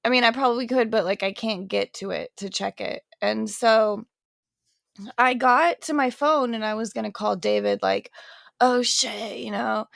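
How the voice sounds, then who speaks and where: A woman co-hosting a relaxed podcast, her voice a touch high with a gravelly fry running through it. She chats loosely, laughs a lot and swears casually. The sound is dry and close. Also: moderate pace, no echo. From California. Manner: chatty, laughs often, swears freely. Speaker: podcast host. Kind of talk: casual chat.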